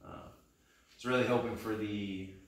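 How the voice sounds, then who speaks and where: A man in his thirties from Texas, doing a meandering, self-deprecating stand-up practice set with a deadpan delivery. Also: fairly low pitch, a little slow, very echoey, distant mic. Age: 30s. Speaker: stand-up comedian.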